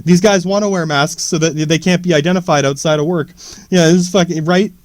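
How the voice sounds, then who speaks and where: High-voiced man ranting with heavy swearing. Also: fairly even intonation, fairly quick, no echo, studio quality. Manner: rambling, sarcastic, heavy swearing. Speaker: podcast host. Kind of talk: casual profane rant.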